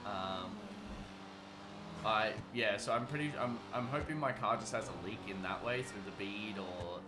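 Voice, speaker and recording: A man's voice: fairly low pitch, unhurried, very noisy. A young man chatting casually on a gaming livestream. He rambles, swears freely and reads chat aloud. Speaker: gaming streamer. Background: background music.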